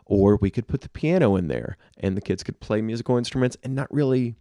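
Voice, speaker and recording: A man's voice: medium pitch, fairly quick, mellow, no room sound, clean studio sound. A middle-aged man co-hosting a casual podcast chat, talking straight to listeners with practical home advice. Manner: conversational, advice-giving, addresses listeners directly. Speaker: podcast co-host.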